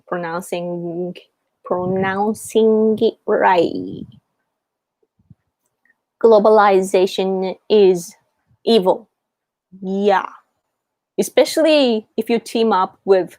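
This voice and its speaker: A woman's voice: medium pitch, a little mellow, no room sound. A Japanese woman in her thirties, a native Japanese speaker talking English with a Japanese accent, hosts a casual live Q&A chat and rambles as she searches for her words. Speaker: live-stream host.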